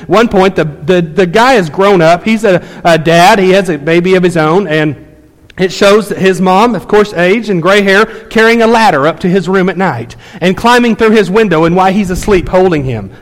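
A man's voice: high-pitched, moderate pace. A man in his thirties preaching a sermon, telling a family story in a conversational way with many fillers. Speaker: pastor. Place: church sanctuary. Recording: long hall reverb.

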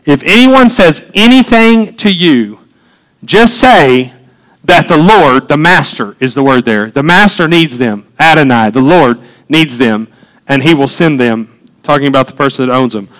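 A man's voice: mid-range voice, expressive, normal speed, a bit bright, poor audio. A man preaching a conversational sermon as pastor, building to fervent emphasis.

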